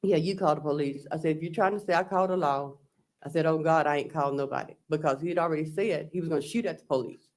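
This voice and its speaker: A woman's voice: low-pitched, fast, a little mellow. A woman on the witness stand in a courtroom, recounting text messages and quoting both sides. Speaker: defendant testifying. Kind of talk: courtroom testimony.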